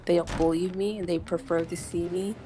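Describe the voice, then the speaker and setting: A woman's voice: on the low side, fairly even intonation, brisk, music in the background. A woman chatting casually on a stream, blunt and teasing, rambling with many fillers. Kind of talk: casual chat.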